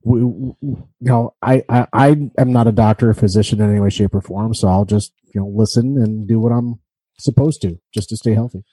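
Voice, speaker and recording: A man's voice: lowish voice, steady tone, a little fast, warm tone, breathy edge, dry recording, rough recording. A man in a casual chat, talking in an easygoing, matter-of-fact way. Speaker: co-host.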